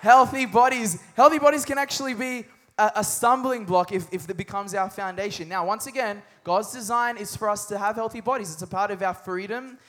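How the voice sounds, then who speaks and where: A young male pastor with a notably high voice delivers an energetic sermon. He mixes humor with earnest points and keeps prompting the congregation to repeat after him. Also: brisk, few pauses. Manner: energetic, humorous, with call-and-response to the crowd.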